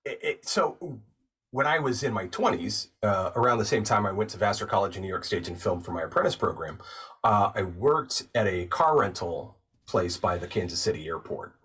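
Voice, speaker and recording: Low husky guy, lively up and down voice, chatting about old gigs and acting out the people in them. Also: normal speed, recorded from a distance. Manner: animated storyteller who acts out other people's lines. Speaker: guest, actor and narrator. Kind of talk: casual podcast chat.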